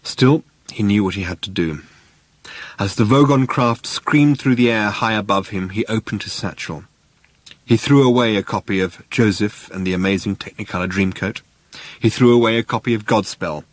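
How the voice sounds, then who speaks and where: A man reading an audiobook aloud in a measured, dry storytelling manner. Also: on the low side, no echo. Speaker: narrator. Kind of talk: audiobook narration.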